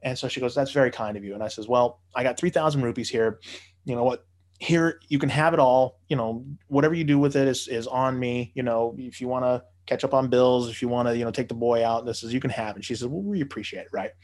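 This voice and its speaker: A man's voice: medium pitch, fairly even intonation, fast, darkish tone. A man telling a long, profane story in casual chat, laughing often and acting out the people he quotes. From United States. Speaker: podcast storyteller.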